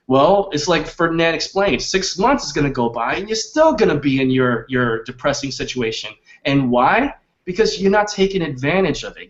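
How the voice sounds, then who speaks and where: A man's voice: medium pitch, a bit bright. Emphatic male sales coach, lo-fi audio. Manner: emphatic, repetitive, rhetorical questions. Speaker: webinar host and sales coach. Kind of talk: persuasive sales pitch. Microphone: webinar microphone.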